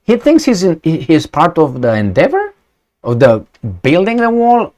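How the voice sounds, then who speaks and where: A man's voice: a little high, huge pitch swings, darkish tone. A man reading out a news story and commenting on it, blunt and sarcastic, swearing, asking rhetorical questions and stumbling through fillers and restarts. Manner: halting, many fillers and restarts.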